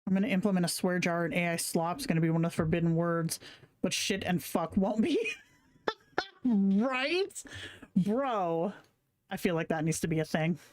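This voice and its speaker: Woman streamer talking casually, slangy and kinda profane, reading chat out loud. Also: fairly low pitch, a little fast. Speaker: livestream host.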